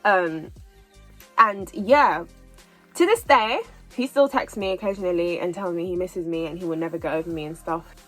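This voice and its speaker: A woman in her twenties telling a personal story in a casual storytime vlog, animated and repeating herself as she goes. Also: fairly low pitch, normal speed, soft background music, low-quality recording. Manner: chatty, animated retelling with repeats. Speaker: vlogger.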